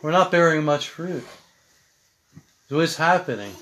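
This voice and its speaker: A man's voice: a little high, lively intonation, unhurried, a bit bright. A male pastor who reads a Bible passage aloud and then preaches about it in an earnest, conversational way. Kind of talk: sermon.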